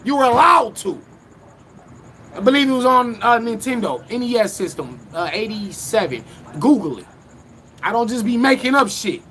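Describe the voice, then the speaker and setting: A young man rants about his craft. His voice sits high and swings widely as he brags, repeats lines and bursts into shouts. Faint noise hums under the recording. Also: sing-song, normal speed. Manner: boastful, emphatic, repeats lines, breaks into shouting. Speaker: battle rapper recapping his match. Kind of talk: animated live-stream rant.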